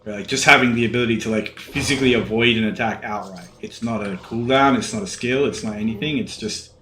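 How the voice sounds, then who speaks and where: A man's voice: mid-range voice, fairly quick, a little hiss or hum. A man who is sick and yawning, rambling casually while commenting on his gameplay. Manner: rambling, relaxed, many fillers. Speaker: let's play gamer. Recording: echoey room. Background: faint game music.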